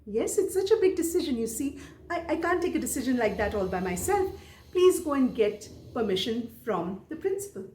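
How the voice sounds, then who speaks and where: A woman's voice: high-pitched, very animated, a little fast, dark tone, roomy sound, slight background noise. A woman voicing a strict school matron who talks in a falsely sweet, patronizing way. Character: sugary, condescending strict female matron.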